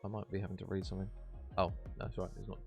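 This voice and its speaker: Male esports caster, lowish voice, chatty and jokey, light music underneath. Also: flat delivery, rapid-fire, creaky, a little mellow. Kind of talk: casual stream commentary reading chat.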